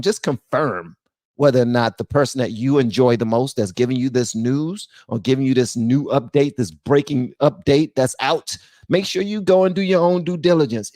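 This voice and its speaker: A man hosting his own channel, giving blunt, animated commentary and talking straight to his viewers. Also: medium pitch, dry recording, studio quality. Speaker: channel host. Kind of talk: casual political commentary.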